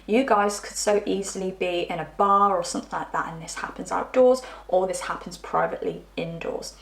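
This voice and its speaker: Woman, tarot reader, middle pitch, chatty and rambling, roomy echo. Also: expressive, a little fast, vocal fry. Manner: chatty, rambling, trips over words. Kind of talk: pick-a-card tarot reading.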